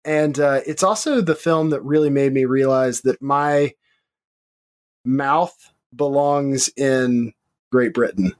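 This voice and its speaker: A man co-hosting a movie podcast, telling stories in an animated, casual way. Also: medium pitch, slow. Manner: animated storyteller. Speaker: podcast co-host.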